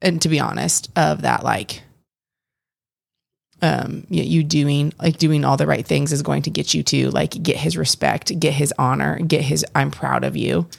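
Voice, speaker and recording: Young woman, very low voice, gravelly, earnest and rambling, dry close sound. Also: fairly even intonation, measured pace, no room sound. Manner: earnest, rambling with many restarts. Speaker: podcast co-host. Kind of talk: casual faith chat.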